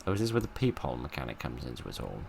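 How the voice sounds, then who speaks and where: A man with a very deep voice and a gravelly edge talks through a spooky game, tossing off dry, sarcastic asides. His pitch swings widely from line to line, and a faint hiss sits under the recording. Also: very animated, very fast, darkish tone. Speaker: let's play host. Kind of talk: casual gameplay commentary.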